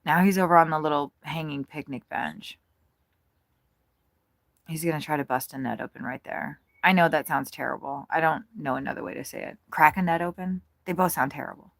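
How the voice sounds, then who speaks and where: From inside an RV at a campground, an American bird-watching vlogger gives casual running commentary on the birds at her feeders, giggling and swearing freely. Her voice is low and fairly bright, with fairly even intonation and a fairly quick pace, recorded dry.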